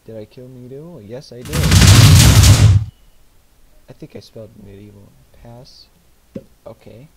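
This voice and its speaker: Casting: male gamer, slow muttering commentary, mid pitch, heavy noise on the recording. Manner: slow, muttering, reads game words aloud. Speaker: gaming channel host. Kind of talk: let's play commentary. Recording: loud background noise.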